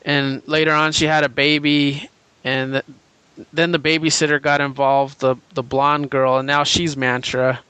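Male podcast co-host, slightly high, smooth clear tone, chatty and eager. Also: flat delivery, normal speed, bright, forceful tone, dry recording. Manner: rambling, enthusiastic retelling with frequent fillers and laughs. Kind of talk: casual comic book chat.

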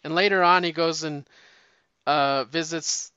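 A man's voice: on the high side, steady tone, unhurried, sharp tone, clear, resonant tone, dry recording. A man chatting casually and rambling about comics, swearing freely and restarting sentences, on a dull lo-fi recording. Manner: rambling, profane, frequent restarts. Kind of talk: casual chat.

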